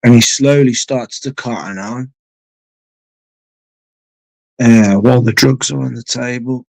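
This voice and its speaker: A man's voice: mid-range voice, a little slow, gravelly, a little mellow, dry recording, poor audio. A man hosting a late-night live stream from home, chatting to viewers in a rambling, sweary way. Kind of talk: casual chat with viewers.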